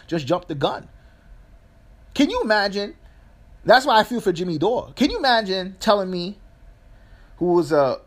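Man, middle-aged, political commentary, blunt and profane, slightly high voice. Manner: blunt, profane, rhetorical questions. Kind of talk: casual political commentary monologue.

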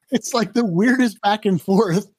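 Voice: medium pitch, darkish tone, husky, no room sound. Dry, laid-back podcast co-host. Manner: laid-back storytelling, swearing, frequent laughs. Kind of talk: casual movie-review chat.

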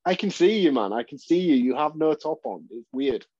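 An Englishman co-hosting a podcast from afar, laid-back and swearing casually in relaxed chat. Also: a little high, brisk, breathy edge, no room sound. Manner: laid-back, swearing, calls others "man". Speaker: podcast co-host. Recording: dull dry remote audio.

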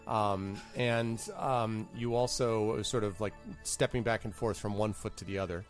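A man running a tabletop game with a lowish voice, narrating in halting bits full of pauses and fillers. Faint music runs under the talk. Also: steady tone. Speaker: game master.

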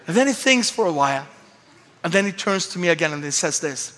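A Swedish-accented male pastor tells a lively, self-mocking story from the pulpit. His voice sits high and bright. The sound carries the long reverb of a large church hall. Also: fairly quick. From Sweden. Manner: animated, self-mocking humor, acts out voices. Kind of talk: storytelling sermon.

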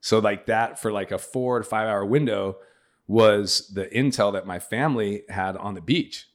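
Speaking at a moderate pace in a lowish voice, a middle-aged man guesting on a podcast tells a long, animated story in casual chat and acts out the things others said.

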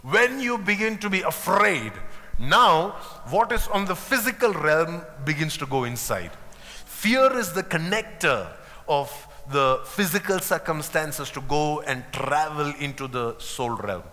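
Guy preaching a sermon, fairly high voice, really emphatic, echoing hall sound. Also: lively intonation, a little slow, bright, forceful tone. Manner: emphatic, acts out quoted disciples with humor.

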